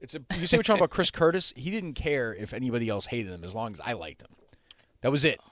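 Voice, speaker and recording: A man's voice: mid-range voice, animated, fast talker, fairly bright tone, dry recording. A man hosting a radio show from the studio, talking bluntly with a producer, teasing him and swearing freely. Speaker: radio host. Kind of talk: casual studio banter.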